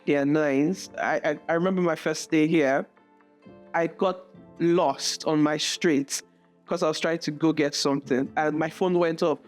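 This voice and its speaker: A Nigerian woman, a student teacher, telling stories in a relaxed interview and often restarting or repeating words. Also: deep voice, normal speed, faint music behind. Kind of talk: casual interview storytelling.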